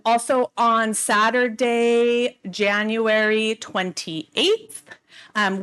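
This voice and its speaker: A woman addresses a school board meeting with updates and recognitions. She sounds warm and slightly emotional, filling her pauses with "um"s. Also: medium pitch. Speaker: school district administrator. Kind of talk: meeting announcements.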